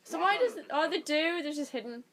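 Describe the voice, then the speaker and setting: Young woman, podcast co-host, teasing chatter, rather high voice. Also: lively intonation. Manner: teasing, chatty, quick to laugh. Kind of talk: casual chat while watching a show. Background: TV show playing.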